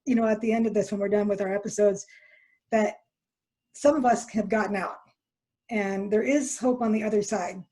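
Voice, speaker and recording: A woman's voice: mid-range voice, steady tone, moderate pace, pauses often, mellow. Chatty woman hosting a podcast. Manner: chatty, many fillers and restarts. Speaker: podcast host. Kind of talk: casual interview chat.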